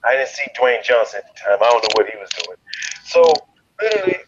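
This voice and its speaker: A man from Chicago telling a wild story in an interview, profane and animated, leaping into loud quoted voices. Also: mid-range voice, fast, highs cut off, a little hiss or hum. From Chicago, USA. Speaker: guest, fighter.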